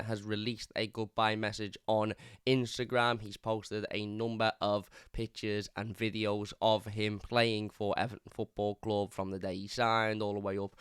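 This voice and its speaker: A man's voice: lowish voice, fairly bright tone, smooth, dry recording, clean studio sound. A man hosting a fan channel, giving casual, opinionated football talk in a conversational way, often repeating words as he thinks.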